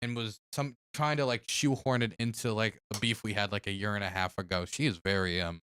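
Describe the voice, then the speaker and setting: A man's voice: fairly low pitch, fairly even intonation, a little fast, fairly bright tone, slight background noise. A man co-hosting a live stream in casual chat, joking sarcastically about what they watch. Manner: sarcastic, mocking. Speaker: streamer, co-host.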